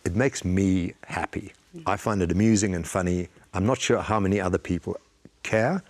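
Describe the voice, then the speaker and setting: Talk-show guest: man, lowish voice, easygoing storyteller. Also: normal speed. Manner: relaxed anecdotal storytelling. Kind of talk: casual talk show chat.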